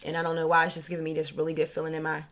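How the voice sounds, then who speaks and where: A woman giving a casual, slangy spiritual card reading, chatty and quick to laugh. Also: sits low, monotone, noisy background. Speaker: tarot reader.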